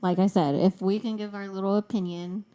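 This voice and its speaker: A woman's voice: mid-range voice, a little fast. A young woman co-hosting a podcast in casual chat, laughing often and swearing freely. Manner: laughing often, profane and animated. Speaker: podcast co-host.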